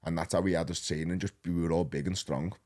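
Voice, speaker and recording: A man in his thirties with a Liverpool accent, a podcast guest telling his story in a rambling, animated, slang-heavy way. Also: low-pitched, fast. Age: 30s. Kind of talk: casual storytelling.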